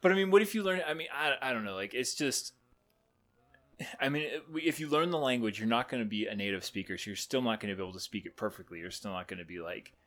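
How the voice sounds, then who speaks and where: A man co-hosting a casual podcast, sleep-deprived and rambling in energetic rants full of fillers. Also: mid-range voice, fast. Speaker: podcast co-host.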